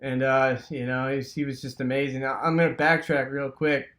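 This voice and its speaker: A man from Wisconsin casually telling a rambling childhood story, full of fillers and sound effects like "boom.". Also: flat delivery, fairly quick, a bit bright. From Wisconsin, USA.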